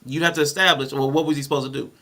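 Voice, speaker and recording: A man co-hosting a casual panel podcast, reading Bible verses aloud and walking through his points in an animated way. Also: fairly high pitch, racing. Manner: animated, reads scripture aloud and explains it. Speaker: podcast co-host.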